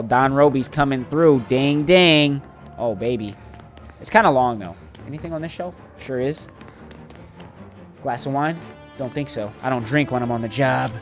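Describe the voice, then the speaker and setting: Animated man commenting on gameplay. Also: mid-range voice. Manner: animated, trash-talking, boastful in bursts. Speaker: gaming channel host.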